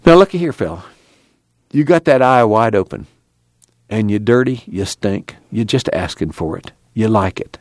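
A man's voice: on the low side, lively intonation, normal speed, no room sound, lightly acted. A man voicing a blunt, impatient tough man who scolds crudely and gives orders.

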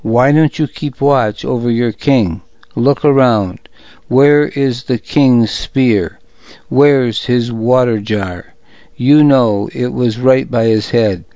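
A young warrior leader with a firm, earnest, commanding way of speaking, voiced by a man reading a story. The delivery is slow and deliberate. The recording is dry and a little dull. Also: mid-range voice, mellow, no room sound.

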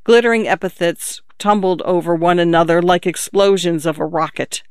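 Male audiobook narrator: high, crisp, dry studio read. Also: fairly even intonation, moderate pace, dry recording. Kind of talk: scripted narration.

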